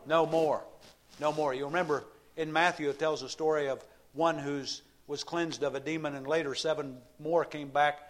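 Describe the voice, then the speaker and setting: A middle-aged male pastor preaching a sermon, building to emphatic raised passages and slowing to repeat key lines. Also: fairly high pitch, steady tone.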